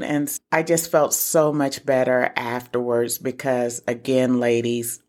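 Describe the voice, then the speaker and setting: A middle-aged woman hosting a casual solo podcast, talking earnestly and encouragingly straight to her listeners. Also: a bass voice. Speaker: podcast host for single moms.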